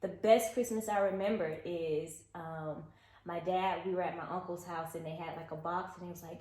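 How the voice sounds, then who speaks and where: A woman co-hosting a podcast who tells stories in a lively way and laughs often. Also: lowish voice, brisk. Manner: laughs often, animated storytelling. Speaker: podcast co-host. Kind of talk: casual chat. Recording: echoey room.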